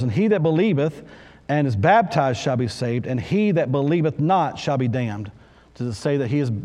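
A man's voice: mid-range voice, dark tone. Earnest preacher man in a reverberant hall. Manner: earnest, repeats key phrases, scripture reading. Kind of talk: sermon. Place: church.

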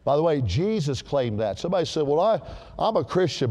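Emphatic preacher in an echoing hall. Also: male voice, on the high side, brisk. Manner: animated, emphatic, repeats key words. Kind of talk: sermon.

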